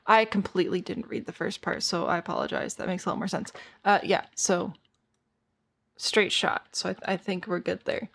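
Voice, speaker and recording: A tired woman with a hoarse voice, chatting casually to her viewers as a streamer while she plays a game and thinks aloud. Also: on the low side, normal speed, fairly bright tone. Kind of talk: casual gameplay chat.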